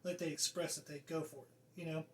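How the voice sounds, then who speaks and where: A woman's voice: low voice, fairly even intonation, fast. A woman co-hosting a podcast, talking reflectively and explaining her points with examples. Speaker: podcast co-host. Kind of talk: casual chat.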